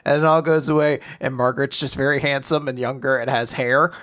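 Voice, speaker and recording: A man recaps a comic chapter in a relaxed podcast chat. He tells it with animated energy and slips into quick character voices. The sound is dry and close to the mic. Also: medium pitch, no room sound. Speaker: podcast co-host. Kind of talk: casual manga recap chat.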